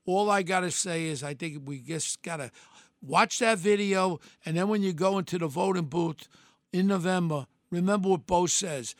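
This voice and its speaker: A man hosts his podcast in a rambling, emphatic monologue that hurts feelings and doesn't much care. His voice sits high with a gravelly grain. The sound is dry and close, with no room around it. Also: fairly bright tone, no room sound. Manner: blunt, emphatic, outspoken. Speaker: podcast host.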